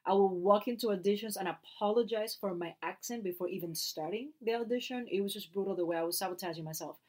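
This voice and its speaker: A woman from Puerto Rico with a Puerto Rican Spanish accent, co-hosting a podcast in casual, animated chat. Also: mid-range voice, fast talker. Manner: animated, laughs often, quotes people in their voices. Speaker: podcast co-host.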